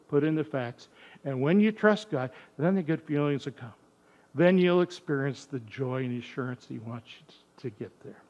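A man preaching a sermon in a church, telling a family story with lively acted-out voices. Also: a little high, highs cut off. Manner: animated storyteller acting out voices. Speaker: pastor.

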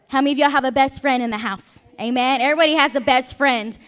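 A woman's voice: sits high, steady tone, a little fast, a bit bright. A woman pastor preaching a Sunday sermon in a chatty way, asking the congregation questions and joking aside. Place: church sanctuary.

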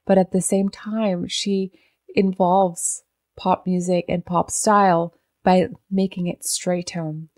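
A woman's voice: fairly low pitch, level tone, takes it slowly, darkish tone, dry recording, clean studio sound. A woman vocal coach reacting to a performance, analyzing technique and singing short phrases to demonstrate. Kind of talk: reaction video commentary.

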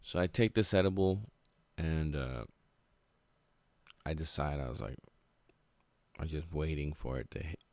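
A man's voice: rumbling low, unhurried, pauses often, darkish tone, dry recording. A young man telling a storytime tale in a casual, profane, laid-back rambling way. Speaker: vlogger. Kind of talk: storytime monologue.

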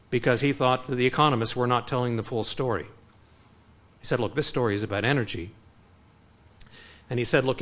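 A middle-aged man from Canada giving an impassioned public lecture, with frequent restarts and animated delivery. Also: medium pitch. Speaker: guest speaker.

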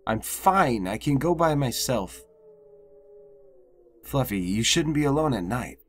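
A man's voice: medium pitch, expressive, unhurried, a little hiss or hum, close to an everyday voice. A man voicing a small boy in a game who insists he is tough and can go alone. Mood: defiant. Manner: insistent, trying to sound tough. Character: small boy, stubborn and brave.

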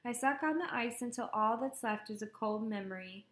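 A woman narrates an audiobook in the first person, wry and lively. Her voice sits on the high side. The sound is roomy, with a noticeable echo. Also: moderate pace. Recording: echoey room.

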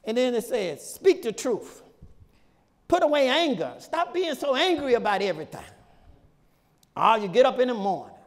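Man preaching in church, fairly high voice that swings all over, long hall echo. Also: big pitch swings, moderate pace. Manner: folksy, repetitive preaching with shouted peaks and laughs. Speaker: pastor. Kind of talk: sermon. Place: church sanctuary.

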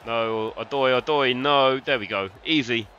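A young man from London with a London English accent, chatting excitably to viewers and swearing freely while commentating his own football game. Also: medium pitch, moderate pace, muffled recording, faint music behind. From London, England. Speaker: gaming streamer. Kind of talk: live gameplay commentary.

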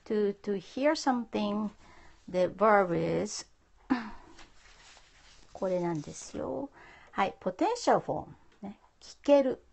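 A woman teaching a live-streamed language lesson. She speaks slowly and patiently, repeating words for her viewers, with a gravelly edge to her voice. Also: mid-range voice, darkish tone. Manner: patient, repeats phrases, mixes English and Japanese. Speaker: Japanese teacher. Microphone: phone.

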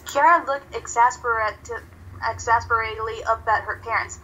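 Woman narrator, fan story reading, bright, higher pitch. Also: steady tone, moderate pace, highs cut off, slight background noise. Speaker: reader.

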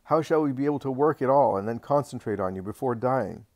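A man's voice: medium pitch, fast talker, a little mellow, dry recording, studio quality, lightly acted. A man reading the lines of Peter, an earnest and anxious male disciple, in a religious audiobook. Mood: earnest, worried.

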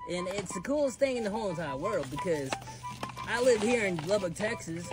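A man's voice: high-pitched, expressive, fairly quick, poor audio. A young man vlogging outdoors in a backyard, joking playfully with his twin and narrating what he is doing. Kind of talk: casual vlog banter. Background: loud music.

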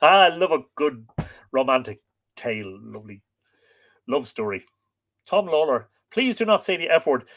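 A man hosting a livestream, reading an old tale aloud and chatting warmly with viewers by name. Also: a little high, sing-song, normal speed, pauses often. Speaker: host.

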